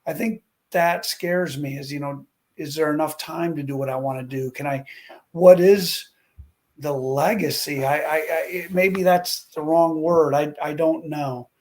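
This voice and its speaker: Animated middle-aged man telling racing stories. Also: fairly high pitch, a little slow. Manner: animated storyteller who acts out quotes. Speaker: guest, former stuntman and drag racer. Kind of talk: casual talk-show chat.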